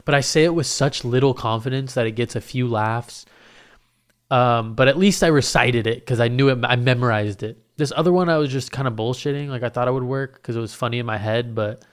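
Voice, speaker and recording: Young man, casual storyteller, swears a lot, rambles, smooth voice. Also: medium pitch, a little fast. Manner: profane, rambling, self-mocking.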